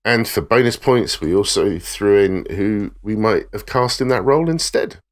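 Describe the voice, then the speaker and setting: A man's voice: on the low side, normal speed. A man hosting a podcast, introducing the topic with tongue-in-cheek humour. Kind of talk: casual podcast chat.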